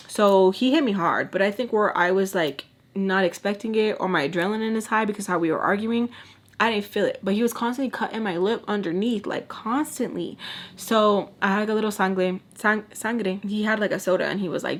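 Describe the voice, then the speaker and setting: Young woman vlogger, casual storyteller, mid-range voice, animated, acts out dialogue, slips into whispers. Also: medium pitch, brisk.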